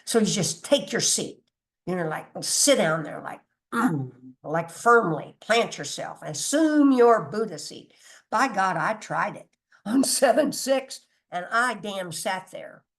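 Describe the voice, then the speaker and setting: Expressive and fairly bright, her mid-range voice moves at a measured pace through a casual spiritual teaching. She laughs, swears a little, and speaks with chatty emphasis, occasionally reading notes or restarting after losing her place.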